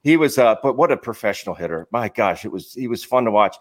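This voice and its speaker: A man's voice: medium pitch, animated, quick pace. A middle-aged man, a podcast guest, chatting casually and reminiscing with frequent laughter. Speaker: guest, former ballplayer. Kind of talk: casual sports podcast chat.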